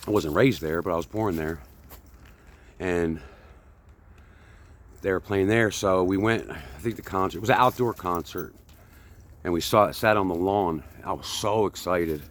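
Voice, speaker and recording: A man in his fifties talks as he hikes outdoors, wandering from one thought to the next in a chatty, self-deprecating way. His voice sits a little low, and he sounds slightly out of breath from walking. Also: a little slow, long pauses. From United States. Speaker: vlogger. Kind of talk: casual chat while walking. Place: outdoors on a hike.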